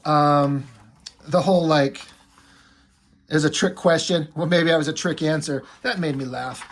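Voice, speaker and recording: A man's voice: fairly high pitch, fairly even intonation, a little slow. A man casually recapping a comic book, joking and swearing freely. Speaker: comic reviewer.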